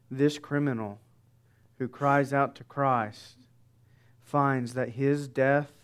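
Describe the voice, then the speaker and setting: A middle-aged man preaching a sermon, slow and deliberate. His voice is smooth and clear, rising to emphatic declarations and dropping to hushed, weighty pauses. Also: medium pitch. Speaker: pastor.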